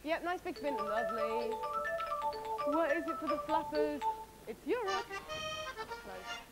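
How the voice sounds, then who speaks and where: Woman, very high voice, cheery co-host calls, lively pitch, loud xylophone behind. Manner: cheery, brisk turn-calling. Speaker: pretend co-host. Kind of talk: playful game show role-play. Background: loud xylophone music.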